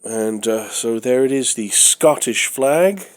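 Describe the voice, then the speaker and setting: A man with a stuffy nose talks through his collection at an unhurried, drawn-out pace, his voice sitting in a middling register. He rambles and hesitates, leaning on fillers and tossing in blunt opinions. It sounds like a casual, chatty home vlog. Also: mid-range voice, animated. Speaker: vlogger. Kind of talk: casual show-and-tell vlog.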